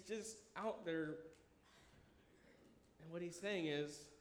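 A man in his thirties preaching a sermon, animated and enthusiastic, dropping at times to a quiet, earnest tone. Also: sits high, takes it slowly, pauses often, a little hiss or hum. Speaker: pastor. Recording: echoey room with faint ambience.

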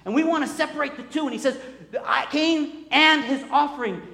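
A high-voiced man preaches with lively energy, slipping into the voices of the people he quotes. His words ring out through a roomy church hall with a long reverb trailing behind. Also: a little fast, gravelly. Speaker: pastor. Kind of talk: sermon. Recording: echoey hall.

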